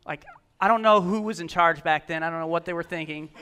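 A man's voice: on the high side, fast, sharp tone, clear, resonant tone. A man preaching a sermon to a church congregation, reading scripture and telling a personal story, asking the listeners questions as he goes. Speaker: pastor.

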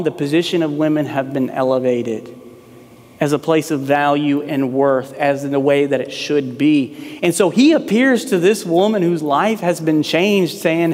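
High-voiced preaching pastor in a hall. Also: male voice. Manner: conversational preaching with acted quotes. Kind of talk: sermon.

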